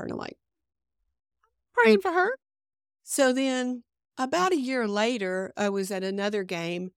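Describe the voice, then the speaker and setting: A woman's voice: mid-range voice, clear, resonant tone, no room sound, clean studio sound. A middle-aged woman guest sharing a personal faith testimony in earnest conversational storytelling, acting out her own past thoughts. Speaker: podcast guest.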